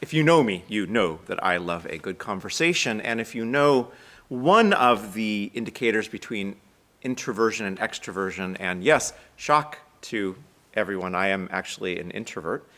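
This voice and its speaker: Fast-talking American man giving a sermon. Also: lowish voice, expressive, a bit bright. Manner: chatty, self-deprecating, fast-talking. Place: synagogue sanctuary, live stream.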